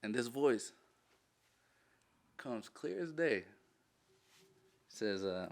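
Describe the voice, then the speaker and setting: A man who is a military veteran, telling a war story in a casual interview, swearing freely, animated and laughing as he goes. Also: mid-range voice, extremely slow, creaky, long pauses.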